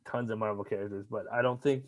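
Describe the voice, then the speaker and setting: A man's voice: lowish voice, steady tone, quick pace, no room sound, rough recording. Stammering young man, dry close voice. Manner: stammers and repeats words, swears often. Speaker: podcast co-host. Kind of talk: casual chat.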